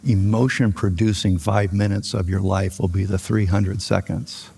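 A man's voice: sits low, fairly even intonation, moderate pace, gravelly, warm tone, husky. An older male pastor preaching a folksy, conversational sermon with light jokes. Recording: long reverb of a large hall.

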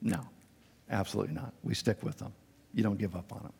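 A male pastor preaching a sermon, animated and acting out the quotes with a raised voice. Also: fast talker, vocal fry, breathy edge. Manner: animated, acts out quotes with raised pitch and volume. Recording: long reverb in a large hall.

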